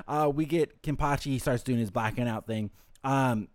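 A man co-hosting an anime rewatch podcast in casual chat, swearing freely and slipping into quick impressions of characters. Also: medium pitch, no room sound, clean studio sound. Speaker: podcast co-host and editor.

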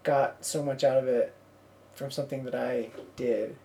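Low-voiced woman telling a rambling story. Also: steady tone, moderate pace, mellow, slight background noise. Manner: rambling storyteller, lots of "like" and fillers. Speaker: podcast host. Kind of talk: casual chat.

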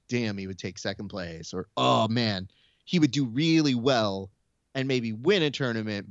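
A man hosting a podcast in casual chat, animated and acting out quotes as he talks. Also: mid-range voice, no room sound, dull audio. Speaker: podcast host. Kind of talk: casual chat about combat sports.

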